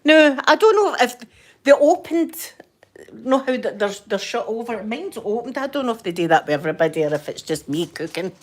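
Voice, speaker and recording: A woman's voice: a little high, lively intonation, brisk. An older woman with a Scottish accent, chatting casually to her viewers and laughing often as she rambles through stories. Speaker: vlogger reading live chat. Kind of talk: casual chat.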